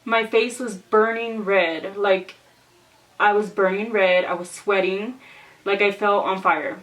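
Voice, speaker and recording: A young woman telling a casual storytime vlog, animated and exclaiming as she acts out what people said. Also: mid-range voice, takes it slowly, distant mic, rough recording.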